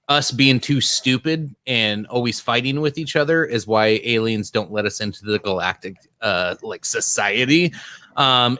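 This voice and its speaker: A man hosting a casual podcast, reading out viewer comments in a halting way full of ums. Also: fairly low pitch, pushed and bright, no room sound, studio quality. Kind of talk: casual chat.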